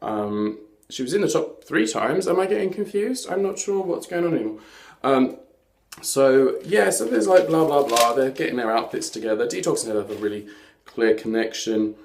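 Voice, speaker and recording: A man's voice: mid-range voice, expressive, moderate pace, vocal fry, a little mellow, slight background noise. A man hosting a casual TV recap chat, camp and chatty, full of sassy asides. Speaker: host of a TV recap show. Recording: echoey room.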